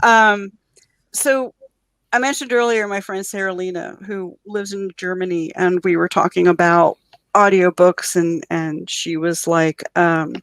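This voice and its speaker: A woman writer as a guest on a podcast, telling an excited story about her audiobook. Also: fairly low pitch, unhurried, no echo. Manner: animated storyteller. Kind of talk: podcast interview.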